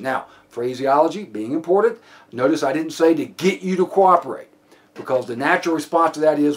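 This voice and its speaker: A man's voice: fairly high pitch, lively intonation, brisk. A man lecturing a police training class, plainspoken and given to restarts and repeated words. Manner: plainspoken, many restarts and fillers.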